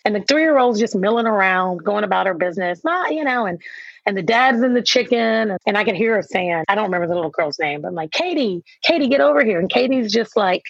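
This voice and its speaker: A woman author being interviewed about raising kids, telling lively stories and acting out the voices of herself and her children. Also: mid-range voice, fast talker, no echo. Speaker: author and guest. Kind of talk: conversational interview. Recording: dull, dry sound.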